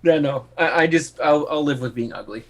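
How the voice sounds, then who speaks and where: A man's voice: fairly high pitch, normal speed. A man joining a casual podcast chat over an online call, hesitant and searching for his words. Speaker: podcast co-host.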